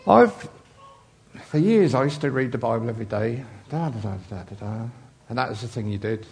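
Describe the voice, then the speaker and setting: A man's voice: medium pitch, animated, moderate pace, a little mellow. A man preaching an informal sermon in a chatty, rambling way with many asides.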